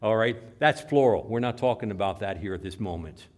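Man, pastor, Midwestern accent, sermon, soft-to-loud emphasis. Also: fairly low pitch, a little fast. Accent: Midwestern American.

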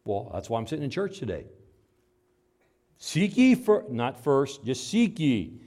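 A middle-aged man preaching a sermon, swinging between loud, high outbursts and low, quiet asides as he acts out dialogue between God and doubters. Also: very animated, moderate pace. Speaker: pastor.

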